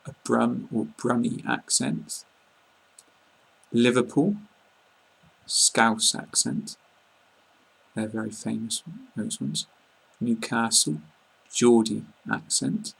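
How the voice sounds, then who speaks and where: In a mid-range, strongly gravelly and somewhat husky voice, a male English teacher with a southern English received-pronunciation accent walks learners through pronunciation online. He stays even and flat, explaining calmly and plainly while his pauses fill with ums and uhs.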